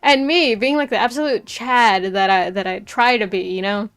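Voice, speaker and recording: Soft music plays in the background as a woman streamer, speaking at normal speed with a medium pitch and a clear, resonant tone, animatedly tells a story. Her casual chat is full of laughter and filler words.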